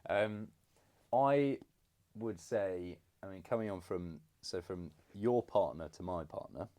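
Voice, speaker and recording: A young man from England in a casual podcast chat with his father, halting and full of fillers. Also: sits low. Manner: hesitant, many fillers and restarts, warm teasing. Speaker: podcast co-host, son. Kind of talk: casual conversation.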